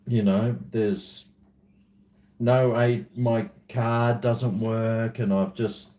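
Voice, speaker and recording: An Australian man talks to his camera in an easy, unhurried drawl, taking his time over every thought. He rambles from one aside to the next and pokes fun at himself along the way. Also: mid-range voice, mellow. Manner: rambling, self-mocking, drifts between asides. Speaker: vlogger. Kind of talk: casual chat to camera.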